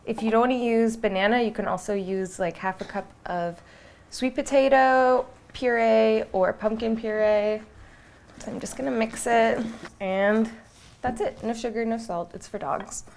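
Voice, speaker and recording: A woman's voice: on the high side, steady tone, unhurried, darkish tone, a little hiss or hum. A young woman in casual vlog chat, talking through a baking recipe in her home kitchen and chatting to her dog along the way. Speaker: vlogger.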